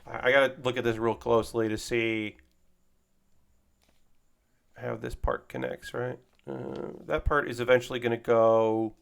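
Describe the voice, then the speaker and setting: A man talks casually as he works with his hands, wandering through a lively, rambling recap of an episode. His voice sits at an ordinary middle pitch, and he keeps the tone of an easygoing stream host. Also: measured pace, vocal fry, long pauses, clear, resonant tone. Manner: rambling, animated retelling of an anime episode. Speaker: streamer building a model kit. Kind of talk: casual chat while building.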